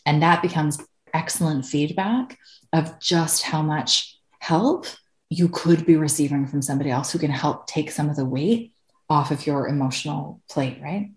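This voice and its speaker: A woman's voice: sits low, moderate pace. Candid woman in an echoey room. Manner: candid, swears freely, laughs often. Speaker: podcast guest. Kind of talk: candid conversational storytelling.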